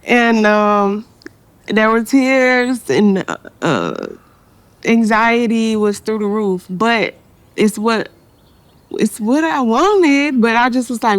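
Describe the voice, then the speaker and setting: A woman's voice: fairly high pitch, takes it slowly, no echo. Young woman, dry close sound. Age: young adult. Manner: relaxed, slangy, laughs often. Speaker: rapper, interview guest. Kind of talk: casual interview.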